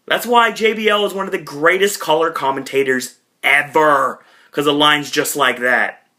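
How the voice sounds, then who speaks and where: A man's voice: a little high, moderate pace, pushed and bright. A man giving a casual, chatty recap monologue as a podcast reviewer, with frequent asides to his viewers.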